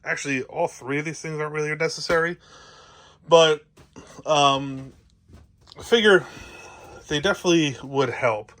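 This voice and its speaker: A man with a New Jersey accent talks in a bright, forward voice that sits a little high, and he rambles cheerfully with plenty of ums and uhs. He is filming himself on a handheld camera inside a travel trailer, showing off his gear. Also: moderate pace, pauses often. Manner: rambling, filler-heavy, upbeat. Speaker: RV vlogger. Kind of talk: casual show-and-tell vlog.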